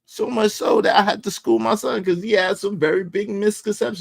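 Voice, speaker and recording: Fairly quick and gravelly, a man's high voice carries an opinionated streaming rant. As the livestream host, he speaks in a preachy, emphatic way, saying lines again for effect.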